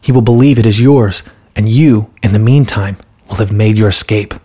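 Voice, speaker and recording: A man reading a fairy tale aloud in a calm, steady storybook narration, with light voices for the characters. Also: fairly low pitch, normal speed, breathy edge.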